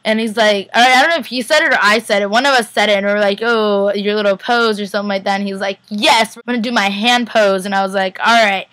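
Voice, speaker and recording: A woman's voice: medium pitch, steady tone, racing, hardly any pauses, a bit bright, no room sound. A young woman vlogger casually rambling through a recap, full of "like" and acted-out quotes. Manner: rambling, heavy use of "like", acts out quotes.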